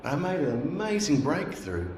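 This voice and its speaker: A man's voice: a little high, very animated, moderate pace, a little mellow. Middle-aged man, sermon storytelling, earnest, echoey church hall, faint room hiss. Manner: earnest storytelling, acts out remembered voices. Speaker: guest speaker. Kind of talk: sermon told as personal story. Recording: roomy echo.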